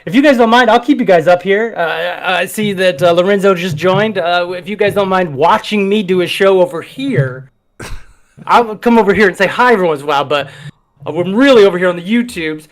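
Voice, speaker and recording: High-voiced playful rambling male host. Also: fairly quick. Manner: playful rambling, self-mocking riffs. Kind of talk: casual livestream chat.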